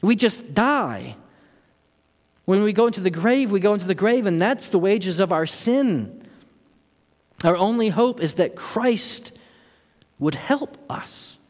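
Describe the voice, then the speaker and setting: A man's voice: sits high, expressive, slow pace, long pauses. Impassioned preacher man in a reverberant hall. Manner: earnest, building to impassioned emphasis. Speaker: pastor. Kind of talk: sermon.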